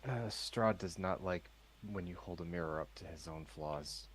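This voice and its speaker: A man playing a tabletop game, speaking in a relaxed, matter-of-fact way. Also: low voice, normal speed, a little hiss or hum, rough recording. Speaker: player.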